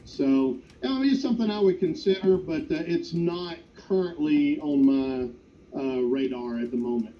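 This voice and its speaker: A man's voice: a little high, normal speed. Hesitant man full of fillers. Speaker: fan website owner. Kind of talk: panel Q&A answers. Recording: dull lo-fi sound, faint noise.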